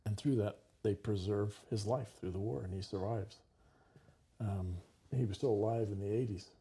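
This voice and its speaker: A man's voice: fairly low pitch, normal speed, dark tone, breathy edge. A man hosting a talk show, telling a story in a vivid conversational way and acting out the dialogue.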